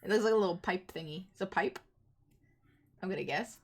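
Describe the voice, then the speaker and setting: A woman's voice: fairly low pitch, fairly quick, a little mellow. A young adult woman streamer chatting casually with her audience in a playful, teasing way. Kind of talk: casual gaming stream chat.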